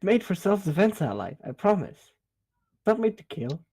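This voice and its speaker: A man's voice: sits high, very animated, normal speed, creaky, a little mellow, breathy edge. A man playing in a casual tabletop game, joking, swearing and arguing for his character. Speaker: player.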